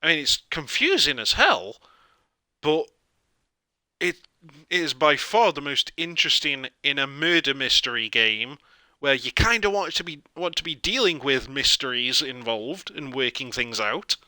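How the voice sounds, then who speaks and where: A man's voice: medium pitch, expressive, unhurried, pushed and bright, dry recording, studio quality. A man giving casual let's play commentary in a chatty, swearing way. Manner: chatty, swearing, laughing often.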